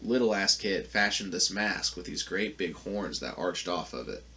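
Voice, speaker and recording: A man with a fairly low voice tells a story on a podcast, loose and profane, full of ums and likes. A faint background hum runs under the recording. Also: expressive, moderate pace, bright, forceful tone. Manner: profane, rambling storyteller with frequent fillers. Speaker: podcast host. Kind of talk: casual storytelling.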